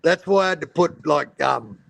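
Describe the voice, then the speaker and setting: A man's voice: fairly high pitch, expressive, normal speed, gravelly, fairly bright tone, dry recording. An Australian man hosting a casual boxing livestream over a video call, blunt and swearing freely in Aussie slang. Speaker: boxing talk show host.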